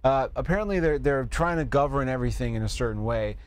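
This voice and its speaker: A man hosting a podcast in casual chat, laughing often and filling pauses with "uh" and "um". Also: mid-range voice, lively intonation. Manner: laughs often, hesitant fillers. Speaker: podcast co-host.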